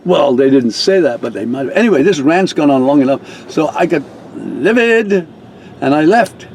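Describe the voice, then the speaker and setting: A man's voice: fairly high pitch, lively intonation, moderate pace, darkish tone, slight background noise, rough recording. An older man, a reverend, telling a rambling personal story with chuckles and restarts. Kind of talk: casual storytelling.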